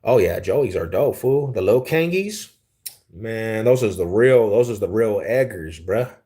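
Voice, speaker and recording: Laid-back young man, low voice. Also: animated, a little slow, dark tone. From Denver, Colorado, US. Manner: laid-back, slangy, easily amused. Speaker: livestream host. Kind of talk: casual livestream chat reading viewer comments.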